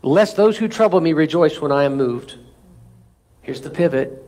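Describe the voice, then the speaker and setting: A high-voiced man preaches from the pulpit, asking the congregation for amens between lines. He reads scripture with climbing intensity. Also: expressive, moderate pace, a little mellow. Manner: preaching with call-and-response asides. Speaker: pastor. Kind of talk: sermon.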